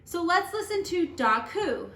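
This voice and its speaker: A woman teacher reading a picture book aloud to children, slow and emphatic as she counts out syllables. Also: extremely high pitch, sing-song, a bit bright, echoey room, slight background noise. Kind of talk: lesson and read-aloud for children.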